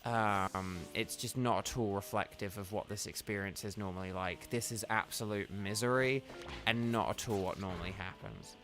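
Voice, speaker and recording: A man's voice: lowish voice, moderate pace, a bit bright, faint music behind. A tired man rambling chattily to his viewers as he livestreams a game, talking straight to them. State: tired, yawning. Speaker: gaming livestreamer. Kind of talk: casual livestream commentary while playing.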